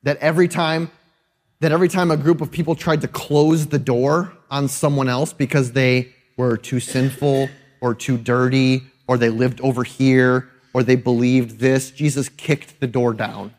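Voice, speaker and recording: A man's voice: medium pitch, flat delivery, moderate pace, darkish tone. A male pastor preaching a sermon in a conversational, emphatic way, often checking in with his listeners. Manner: conversational and emphatic, often adding tag questions.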